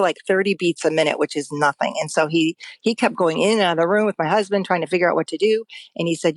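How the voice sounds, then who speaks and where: A woman in her thirties telling a personal story in an earnest, halting way, with many fillers and restarts. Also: on the low side, no echo. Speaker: guest sharing a personal story.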